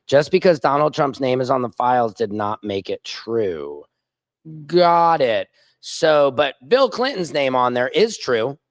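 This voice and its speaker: Speaking unhurriedly in a very animated mid-range voice with no echo, a man runs a casual political livestream. He reads viewers' comments aloud, combative and scornful as he taunts his critics.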